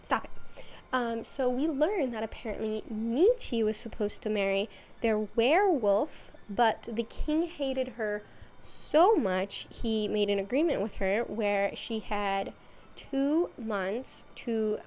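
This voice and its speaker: Woman chatting away about a show, lots of likes and ums, kinda high voice. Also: animated, slow pace, darkish tone. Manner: chatty, lots of fillers and asides. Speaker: video host. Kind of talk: casual rambling recap.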